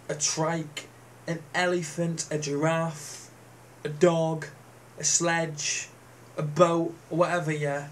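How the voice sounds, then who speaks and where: A man's voice: on the high side, a little hiss or hum. Sneering, sweary man ranting. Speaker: vlogger. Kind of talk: profane rant to camera.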